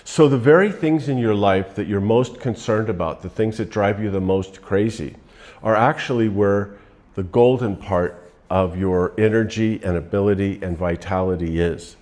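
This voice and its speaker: Low-voiced man giving a motivational talk. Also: normal speed. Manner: relaxed, rambling, storytelling. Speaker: motivational speaker.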